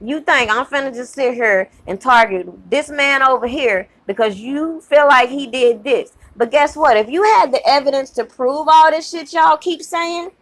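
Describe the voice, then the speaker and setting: A fired-up woman rants to her channel audience, swearing freely and hammering her points home. Her voice sits a little on the high side and jumps up sharply when she gets worked up. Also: normal speed, few pauses, a bit bright. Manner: heated, profane, emphatic, repeats herself. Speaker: channel host. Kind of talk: angry rant to camera.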